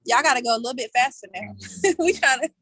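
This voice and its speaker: Speaking fast in a fairly high, gravelly voice that sounds pushed and bright with a breathy edge, this quiz host laughs a lot and slips into casual slang. She is hosting a playful live online quiz by video call from outside, and the recording is dry.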